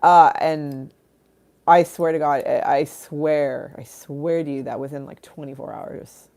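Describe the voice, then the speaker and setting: Low-voiced woman rambling candidly on a livestream. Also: steady tone, a little slow, creaky, a little mellow. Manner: rambling, candid, laughs and swears often. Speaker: livestream host. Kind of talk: casual livestream chat.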